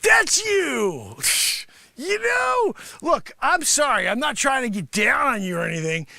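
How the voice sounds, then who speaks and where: A man playing a boastful, money-grubbing karate sensei who scolds his class and breaks into shouts. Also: very high-pitched, wildly swooping pitch, unhurried, gravelly, no room sound, clean studio sound, exaggerated voice. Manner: bragging, scolding, swings into shouts. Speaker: livestream host. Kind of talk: improvised comedy character bit.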